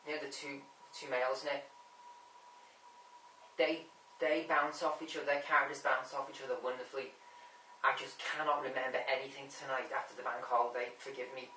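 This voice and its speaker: Guy rambling about movies, keeps forgetting names, bright voice, kinda far off in a roomy echoey room. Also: mid-range voice, flat delivery, brisk, a little hiss or hum. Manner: rambling, keeps losing names and repeating himself. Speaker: movie vlogger ranking a top ten. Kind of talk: casual rambling film chat. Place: room at home. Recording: echoey room, mic at a distance.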